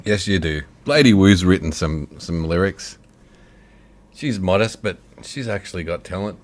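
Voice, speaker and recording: A man's voice: deep voice, normal speed. A man co-hosting a casual online radio show, joking and laughing with his co-host. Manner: jokey, laughs often, puts on a mock announcer voice.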